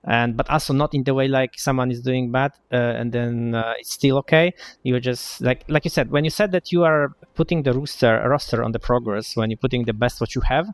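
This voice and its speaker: A man chatting over a headset as a raid guild applicant. His voice sits at an ordinary middle pitch and sounds dry and close, with no room around it. He is earnest and agreeable, but stumbles and restarts often as he searches for the right words. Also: brisk, few pauses, no room sound. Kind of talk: casual voice chat.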